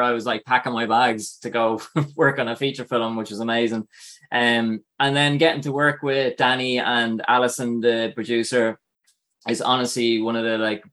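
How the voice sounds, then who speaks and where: A man's voice: medium pitch, a bit bright. An Irish man, an actor, chatting as a guest in an interview, full of fillers and easy laughter. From Ireland. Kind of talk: casual interview chat.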